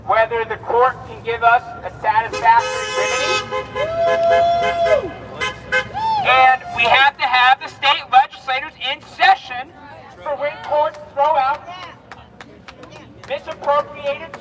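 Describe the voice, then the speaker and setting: A man's voice: very high-pitched, sing-song, unhurried, long pauses, recorded from a distance, a crowd in the background, background noise. A man from Texas giving a rousing, repetitive outdoor protest speech at a rally. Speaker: rally speaker.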